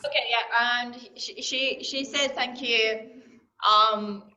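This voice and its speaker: A woman from Africa speaks loudly in a bright, fairly high voice. She relays a student's question and restarts her sentences often. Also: fairly even intonation, takes it slowly, rough recording. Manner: loud, talkative, stumbling restarts.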